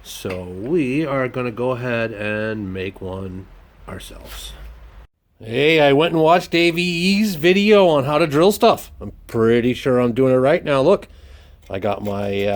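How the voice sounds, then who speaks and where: A man's voice: medium pitch, animated, unhurried. A man hosting a workshop vlog, joking and exclaiming as he works, slipping into a put-on Irish lilt. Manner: joking, playful, exclaims while working. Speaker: workshop DIY host. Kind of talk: casual workshop vlog commentary. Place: home workshop.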